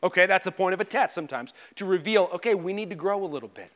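A man preaching a conversational sermon to his church, acting out panicked and calm inner voices with a self-deprecating touch. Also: high voice, quick pace. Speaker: pastor.

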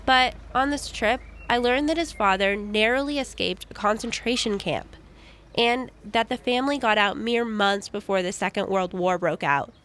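A young woman from the United States narrating a radio feature report in a calm, measured first-person voice. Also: mid-range voice.

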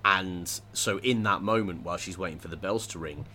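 Deep, bright-toned man musing aloud. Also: normal speed, a little hiss or hum. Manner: thoughtful, hesitant, many restarts and fillers. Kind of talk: casual discussion.

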